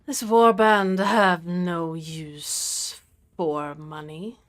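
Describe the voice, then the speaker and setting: A woman voicing a gruff, blunt male minotaur warband leader who is wary of strangers. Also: lowish voice, level tone. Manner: blunt, suspicious, drawn-out.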